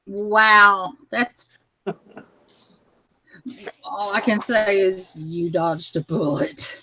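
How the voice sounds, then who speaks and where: A woman hosting a casual crafting live stream, chatty and quick to laugh with friends. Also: medium pitch, pushed and bright, slight background noise, low-quality recording.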